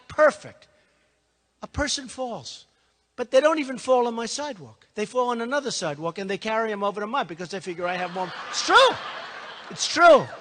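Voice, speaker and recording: A man's voice: high voice, pushed and bright. An older man giving a boastful, rambling campaign speech to a live audience, repeating himself and tossing asides to the crowd. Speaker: political candidate. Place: large hall before a live audience. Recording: long hall reverb.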